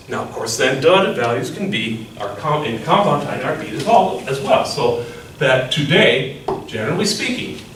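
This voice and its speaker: A man's voice: mid-range voice, fairly bright tone, a little hiss or hum. A male music teacher explaining rhythm, often chanting beats aloud as syllables. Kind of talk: classroom lecture. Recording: echoey room from far off.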